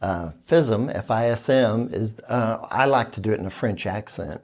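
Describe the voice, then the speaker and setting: A man's voice: fairly low pitch, moderate pace, few pauses. A man co-hosting a casual podcast, explaining things briefly and plainly. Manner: brief, matter-of-fact explanations. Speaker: podcast co-host. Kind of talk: casual chat.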